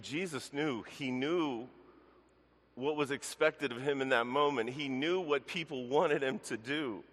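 A man's voice: mid-range voice, a bit bright, big-room sound. A man pastor preaching a sermon in earnest, addressing the congregation directly as church. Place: church sanctuary.

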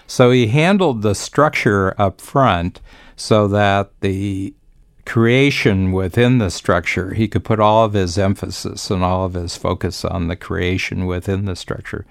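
A very low, gravelly voice belongs to an older man speaking with easy confidence on a business podcast. He talks in long, reflective stretches. The sound is close and dry, with no room around it. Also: unhurried, dry recording. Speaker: business coach and podcast host. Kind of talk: conversational podcast talk.

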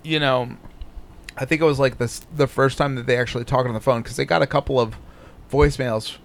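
A man's voice: mid-range voice, steady tone, a little fast, gravelly. Foul-mouthed sarcastic podcast host man. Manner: crude, swears constantly, sarcastic. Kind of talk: casual profane commentary.

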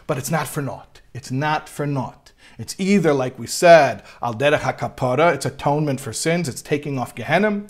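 A man teaching a text study class, reading passages aloud and translating them line by line, with lively rises when he quotes. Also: fairly high pitch. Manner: reads Hebrew text then translates line by line; animated, voice rising when quoting. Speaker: Torah teacher.

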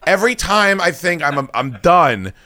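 A man's voice: fairly high pitch, very animated, normal speed, pushed and bright. Rambling, foul-mouthed man telling stories. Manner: rambling, swears constantly, self-deprecating. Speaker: podcast host. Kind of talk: casual profane storytelling.

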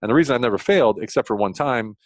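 A middle-aged American man, a consultant guest on a podcast, telling stories with lots of energy, restarting sentences and leaping up in pitch for emphasis. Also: lively intonation, no room sound. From United States. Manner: fast, enthusiastic, frequent restarts, jumps high in pitch for emphasis. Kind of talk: animated storytelling interview.

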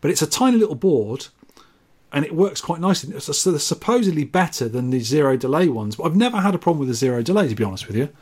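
Man, podcast co-host, quick rambling delivery, jokey, self-deprecating. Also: a little high, sing-song, a little mellow, breathy edge. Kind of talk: casual chat, reading listener messages.

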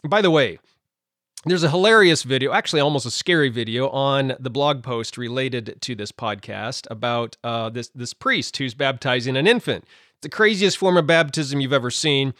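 A man's voice: medium pitch, normal speed, fairly bright tone, no room sound, studio quality. A man hosting a podcast, explaining a Bible topic in a casual, conversational way with lots of fillers and asides. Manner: conversational, many fillers and asides, laughs at own points. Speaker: podcast host.

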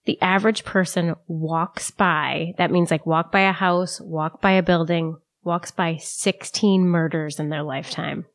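Podcast co-host, woman, giggly trivia sharer, slightly low voice. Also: fairly even intonation, a little slow, few pauses. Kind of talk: casual chat.

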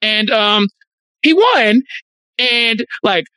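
A man chatting casually as a podcast co-host, animated, telling a story full of "like" fillers. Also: extremely high pitch, drawn-out words, smooth, dry recording. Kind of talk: casual chat.

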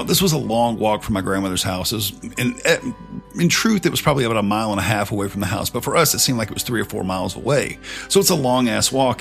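A man's voice: fairly low pitch, gravelly, fairly bright tone. A man telling a personal story in a casual, swearing, conversational way.

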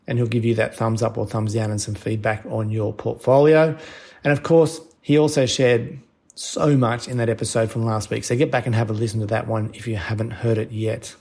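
A man's voice: mid-range voice, level tone, moderate pace, gravelly, a little mellow, breathy edge. A man hosting a podcast, reading promos and a guest introduction in an upbeat way. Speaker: podcast host.

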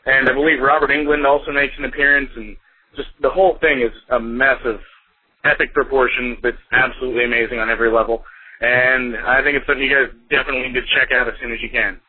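Man from Texas, caller on a phone line, rambling and amused, a bit husky. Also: mid-range voice, little pitch movement, fast, no room sound. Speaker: voicemail caller. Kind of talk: casual voicemail.

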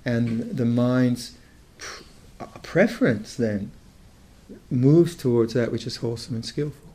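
An older man teaching meditation in a mellow, relaxed voice, thinking aloud as he goes. He starts phrases over and over before settling into his point, in the unhurried manner of a dharma talk. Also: medium pitch. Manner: thoughtful, halting, with many restarts.

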